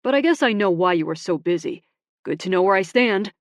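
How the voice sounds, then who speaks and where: A woman narrator voicing a blunt, possessive young man with loud, clipped delivery. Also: on the low side, fairly even intonation, fairly quick, no room sound, clean studio sound, lightly acted. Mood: heated.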